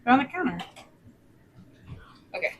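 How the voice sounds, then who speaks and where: A woman's voice: normal speed, fairly bright tone, muffled recording, slight background noise. A woman chatting playfully and teasing while she cooks on a stream in her home kitchen. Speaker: cooking streamer. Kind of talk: casual cooking stream chat.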